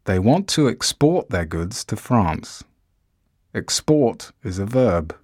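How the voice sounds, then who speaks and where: A man reading an English pronunciation lesson aloud, saying each word slowly and clearly. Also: deep voice, animated, darkish tone, dry recording, clean studio sound. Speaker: language course audio narrator. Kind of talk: slow, deliberate scripted pronunciation reading.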